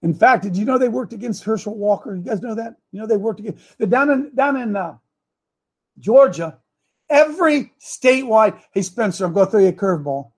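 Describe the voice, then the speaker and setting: High-voiced preacher man calling for amens. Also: expressive, brisk. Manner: calls for amens from the congregation; repeats words and restarts, speaks directly to people in the room. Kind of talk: sermon mixed with political talk.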